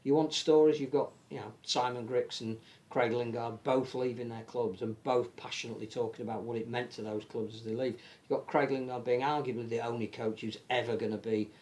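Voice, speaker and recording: An English man with an animated manner, chatting casually as a rugby league podcast pundit and often restarting his sentences. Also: medium pitch, brisk, hardly any pauses. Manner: animated, many restarts and stammered repeats. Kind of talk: casual panel chat.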